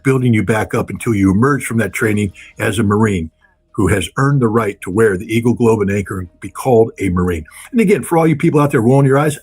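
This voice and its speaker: Husky, blunt-talking man. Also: lowish voice, darkish tone. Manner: emphatic, repetitive, blunt. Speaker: guest commentator. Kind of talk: impassioned political commentary.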